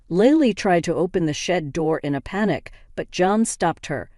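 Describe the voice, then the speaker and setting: A woman reading a dramatic first-person family story as scripted narration, in a steady, even delivery. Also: fairly low pitch, moderate pace, no room sound, clean studio sound.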